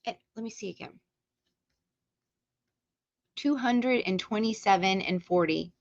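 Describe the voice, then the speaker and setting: A woman hosting a live stream, chatting casually and excitedly to her chat viewers. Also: mid-range voice, measured pace, no room sound, highs cut off.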